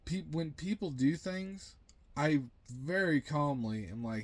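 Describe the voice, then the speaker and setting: A man's voice: fairly high pitch, unhurried. A young man venting in a blunt, profane, rambling monologue to camera. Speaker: vlogger.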